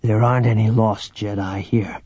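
A blunt, protective smuggler, voiced by a male narrator, talks plainly and without fuss. His voice is dark and husky on a dull, dry recording. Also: on the low side, level tone, normal speed, no echo. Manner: blunt, matter-of-fact.

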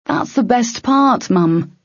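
A woman's voice: on the high side, expressive, slow pace, no echo, lo-fi sound, pitched above the performer's own voice. A woman voicing a cocky young male adventurer who talks back with defiant wisecracks.

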